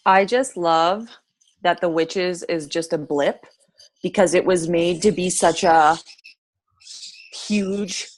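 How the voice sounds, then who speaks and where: A woman taking part in a group session over a video call, chatting casually in a giggly, excitable way. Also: on the low side, slow pace, long pauses. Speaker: session participant.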